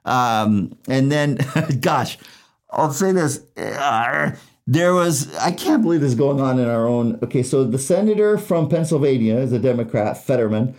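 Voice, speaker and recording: A man's voice: mid-range voice, expressive, measured pace, a little mellow. A man who hosts a casual show as an attorney, chatty and jokey, laughing at his own dad jokes. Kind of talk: casual legal commentary.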